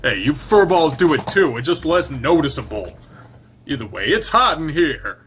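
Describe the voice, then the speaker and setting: Man reading crude lizard guy, gruff, profane, teasing. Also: on the high side, very animated, normal speed, fairly bright tone, slight background noise. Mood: grumbling. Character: crude, short-tempered adult male lizard.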